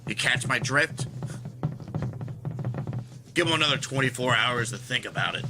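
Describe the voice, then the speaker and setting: A man's voice: medium pitch, normal speed, lightly acted. A man playing a menacing male jailer who banishes someone, delivered in a threatening, drawling way. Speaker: recorded bit played on the show. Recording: voice over loud music.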